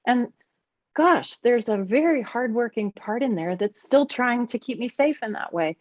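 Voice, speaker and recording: A woman speaking as a podcast guest and teacher, animated and expressive, her voice swinging widely in pitch as she explains her ideas. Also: normal speed, no room sound, muffled recording. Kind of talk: conversational podcast interview.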